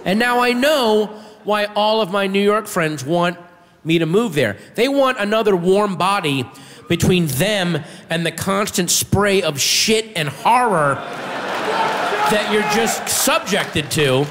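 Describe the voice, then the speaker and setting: Animated male stand-up comic, lively pitch. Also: slow pace. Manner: animated storytelling, shouts the punchlines. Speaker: stand-up comedian. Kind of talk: stand-up comedy set. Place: comedy club stage with audience. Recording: reverberant room with faint audience.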